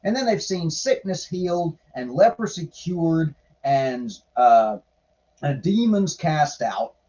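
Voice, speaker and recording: A man's voice: a little high, lively intonation, slow pace, dark tone, lo-fi sound. A man giving irreverent, sarcastic casual commentary while reading scripture aloud, swearing now and then. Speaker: podcaster reading and commenting on the Bible.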